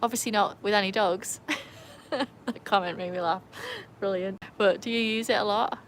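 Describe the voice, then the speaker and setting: Her accent is a blend of Birmingham and North Wales English, tied to England and North Wales, as she chats on a livestream from a home with a pool and greets viewers by name. She speaks in a steady, mid-range voice at normal speed. The audio is poor, with a little hiss or hum.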